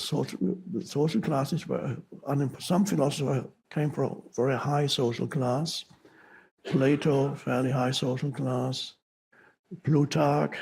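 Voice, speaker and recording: A man giving a spiritual teaching talk, speaking slowly with pauses and halting restarts. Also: mid-range voice, vocal fry, a little mellow, slightly rough, poor audio.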